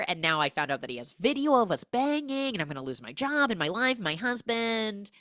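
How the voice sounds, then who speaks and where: A young woman tells a movie's story as a comedic podcast host, her pitch bouncing up and down as she slips into exaggerated voices for each character. Her voice sits a touch low and the sound is close and dry, with no room around it. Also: no echo. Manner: animated, acts out characters' lines in quick exaggerated voices. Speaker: podcast host recapping a film. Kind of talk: casual comedic film recap.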